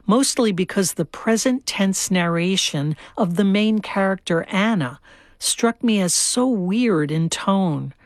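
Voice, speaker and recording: A woman's voice: mid-range voice, no echo. Lady reviewing novels on the radio, takes her time, close dry mic. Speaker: book critic.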